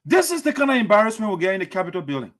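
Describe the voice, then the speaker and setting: A man's voice: high-pitched, very animated, rapid-fire, a bit bright. A man hosting political radio commentary, scornful and lecturing. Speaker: host.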